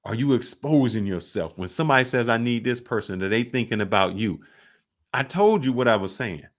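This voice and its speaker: A man hosting a podcast in casual chat, telling stories with animated, lively delivery. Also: fairly quick. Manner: animated storyteller, jumps high when quoting others. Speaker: podcast host.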